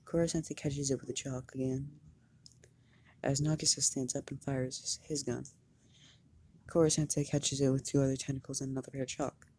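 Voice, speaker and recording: A fan storyteller improvises a story, narrating haltingly and often repeating words. The voice is mid-range, level in tone and darkish.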